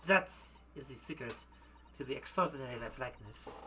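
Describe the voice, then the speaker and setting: A man's voice: on the high side, lively intonation, pushed and bright, faint music behind. A man putting on a poised French waxwork lady. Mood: ominous. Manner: mock foreign accent, slipping toward German; formal, measured, stumbling over French words. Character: young female French waxwork artisan, poised and macabre. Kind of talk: reading game dialogue aloud.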